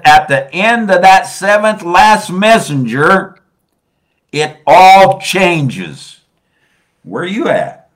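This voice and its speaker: Fervent male preacher with a high-set voice. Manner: preaching with sudden swings between soft and loud. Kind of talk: sermon.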